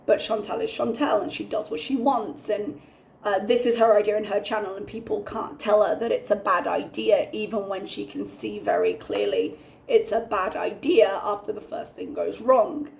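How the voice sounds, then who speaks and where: Young woman on a reaction channel, bit of vocal fry, rants and swears, very candid. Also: medium pitch, expressive, moderate pace, darkish tone, a little hiss or hum. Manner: ranting, candid, swears freely. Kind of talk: commentary.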